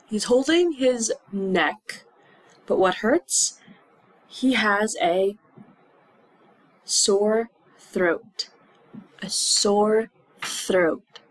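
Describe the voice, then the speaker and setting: A woman teaching English to learners, repeating words slowly and acting out aches and symptoms with little groans. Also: mid-range voice, dry recording, poor audio. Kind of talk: slow classroom explanation.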